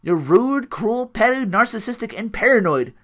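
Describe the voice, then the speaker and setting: A man voicing a prim, stern female corporate evaluator who delivers crisp, formal scolding. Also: high-pitched, sing-song, moderate pace, sharp tone, voice pushed up, full character voice.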